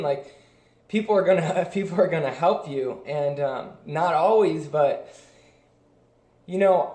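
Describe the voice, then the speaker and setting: A man's voice: on the high side, darkish tone, reverberant. A young man telling a personal story in a casual, rambling way, full of fillers and restarts. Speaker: vlogger.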